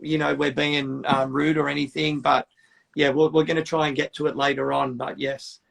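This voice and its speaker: A man's voice: a little high, flat delivery, normal speed, creaky, a bit bright, slight background noise. A middle-aged man, hosting a casual chat and rambling through stories with plenty of swearing. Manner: rambling, swears freely, tells stories with quoted voices. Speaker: podcast host.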